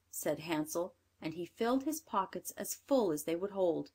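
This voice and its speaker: A woman narrating a storybook in a clear, measured reading voice. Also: fairly low pitch, expressive, darkish tone.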